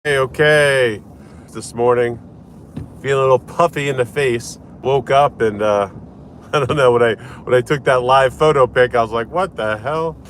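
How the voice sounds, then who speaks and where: A man's voice: medium pitch, moderate pace. A man chatting casually in a morning vlog from his car, rambling through a story with lots of restarts. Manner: chatty, rambling, animated retelling with repeated restarts. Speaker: lawyer. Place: in a car while driving.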